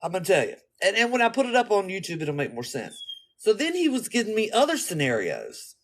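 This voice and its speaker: A woman vlogger telling a story in a casual monologue, blunt, profane and animated. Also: mid-range voice, a little fast.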